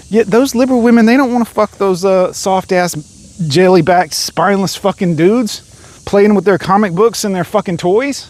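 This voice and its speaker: A man's voice: high-pitched, normal speed, a little mellow. A man delivering an angry, profanity-laden rant straight to camera as a vlogger. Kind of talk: ranting monologue.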